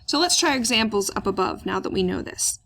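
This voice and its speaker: A woman's voice: mid-range voice, expressive, a little fast, creaky, a bit bright. Woman, patient classroom lecturer; methodical step-by-step explanations with frequent filler words. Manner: explains step by step, asks questions aloud and answers them, many "uh" fillers. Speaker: German teacher.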